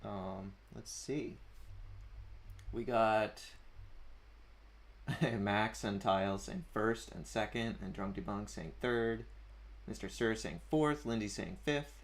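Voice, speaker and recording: A man's voice: fairly low pitch, slow, pauses often. A man hosting a casual livestream, chatting and reading out viewer comments with a chuckle. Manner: chatty, chuckling, reads usernames aloud. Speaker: livestream host. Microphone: desk mic at a streaming setup.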